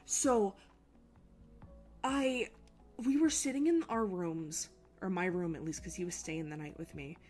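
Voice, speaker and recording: Young woman, lowish voice, casual rambling storytelling, swears freely, faint background music. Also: measured pace, pauses often, a little mellow. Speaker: streamer.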